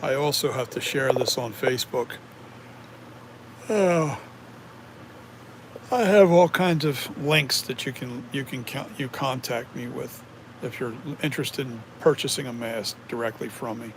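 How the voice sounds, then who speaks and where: A man's voice: mid-range voice, measured pace, creaky, noisy background. A man who makes masks, chatting casually on a live stream, rambling as he reads and answers viewer comments. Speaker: mask maker streaming to viewers.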